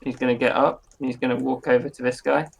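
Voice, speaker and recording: A man's voice: mid-range voice, little pitch movement, quick pace, gravelly, a little hiss or hum, rough recording. A man playing a tabletop game, stating what his character does in a matter-of-fact way. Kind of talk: declaring his character's actions.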